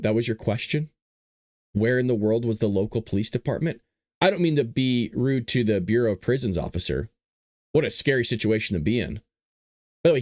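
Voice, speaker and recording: A man hosting a show, giving sarcastic opinion commentary in an animated way. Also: medium pitch, no echo, clean studio sound. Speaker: show host.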